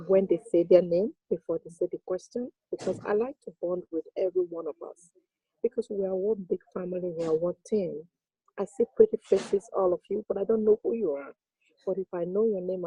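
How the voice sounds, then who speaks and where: A woman speaking earnestly on a team video call, humble and a little halting. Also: medium pitch, dark tone, slightly rough, low-quality recording. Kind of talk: casual talk on a video call.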